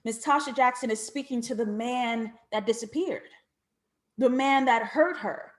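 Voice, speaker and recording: An American woman reviewing a TV drama, talking in an expressive, reflective way, with playful shrieks and asides. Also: fairly high pitch, measured pace. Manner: reflective and questioning. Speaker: TV show reviewer. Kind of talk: animated video review commentary.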